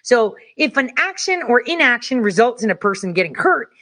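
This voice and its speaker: A woman's voice: a little high, very animated, sharp tone. Profane, angry woman ranting. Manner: heated, profane, rapid-fire ranting. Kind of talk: angry political rant.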